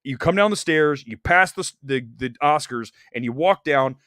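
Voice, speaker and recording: A man hosting a movie talk show, giving blunt, animated opinions with bursts of laughter. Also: fairly high pitch, moderate pace, no room sound, studio quality. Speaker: podcast host and film critic. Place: Los Angeles studio.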